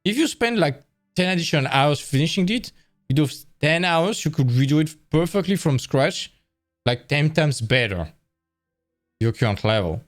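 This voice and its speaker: Man, tired, casual stream talk, self-correcting, mid pitch, soft background music. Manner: rambling, self-correcting, conversational. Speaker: art stream host.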